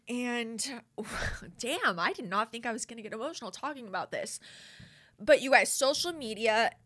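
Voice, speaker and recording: A woman's voice: mid-range voice, pushed and bright. A woman podcast host talking candidly and casually to her listeners, swearing freely and often saying "you guys".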